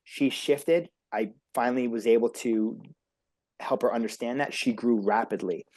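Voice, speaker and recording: A man appears as a podcast guest in his role as a beauty industry coach, giving an energetic motivational talk. Talkative, enthusiastic, and emphatic, he runs on at length in a medium-pitched, darkish voice at normal speed.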